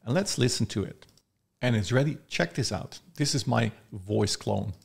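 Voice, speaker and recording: A man casually demonstrating software, chatty and thinking aloud. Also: medium pitch, lively intonation, moderate pace, gravelly, husky. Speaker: software reviewer. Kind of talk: casual screen-recorded tutorial.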